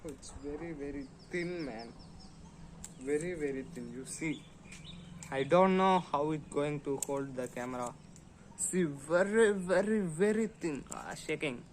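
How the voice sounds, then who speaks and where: A man with an Indian English accent, chatting slowly through an unboxing vlog, humming and making sound effects as he goes. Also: a little high, slight background noise, rough recording. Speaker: vlogger.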